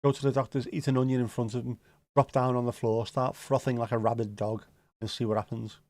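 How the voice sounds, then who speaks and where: A man's voice: mid-range voice, level tone, brisk, darkish tone, no echo. A man with a Scouse accent hosting a casual livestream, rambling and joking as he answers viewer comments, swearing now and then. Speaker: livestream host.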